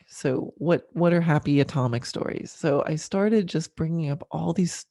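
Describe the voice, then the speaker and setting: A middle-aged woman hosting a podcast, telling a personal story candidly and emotionally, with frequent fillers and soft laughs. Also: deep voice, moderate pace, no room sound, studio quality. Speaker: podcast host.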